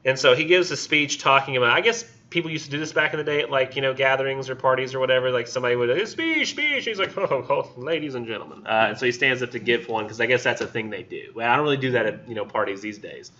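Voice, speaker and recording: Man, college instructor, casual lecture, lots of "like" and "um", bright tone, muffled lo-fi recording. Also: medium pitch, steady tone, very fast, hardly any pauses. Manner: chatty, filler-heavy, digressive. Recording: dull lo-fi classroom recording.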